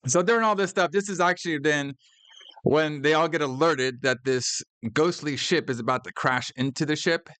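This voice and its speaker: A man's voice: fairly high pitch, moderate pace, a bit bright, no echo. A man co-hosting a podcast, casually recapping a horror movie scene by scene, swearing freely, laughing often and acting out characters' lines. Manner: profane, laughing, acts out movie lines in quotes. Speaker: podcast co-host.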